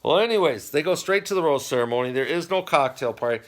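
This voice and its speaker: A man's voice: fairly high pitch, expressive, quick pace. A middle-aged man hosting a home channel, casually recapping a TV dating show with rambling, wry asides. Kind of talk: casual chat.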